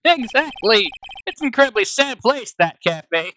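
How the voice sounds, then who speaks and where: A man's voice: extremely high pitch, sing-song, moderate pace, bright, forceful tone, slight background noise, exaggerated voice. A man voicing an upbeat male clown who tells corny riddles in a showy, sing-song way.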